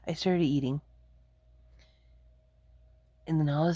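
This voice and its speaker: A woman rambling casually to her viewers while in pain from a migraine, speaking low and quiet, wandering off her thread and laughing often. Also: a little slow, pauses often, dry recording. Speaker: vlogger. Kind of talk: casual rambling monologue to camera.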